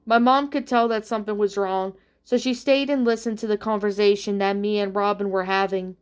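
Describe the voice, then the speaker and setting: A woman's voice: mid-range voice, fairly even intonation, fairly quick, smooth. A young woman in her twenties narrating a true personal story in the first person, in a plain, rambling way with long run-on sentences. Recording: faint background music.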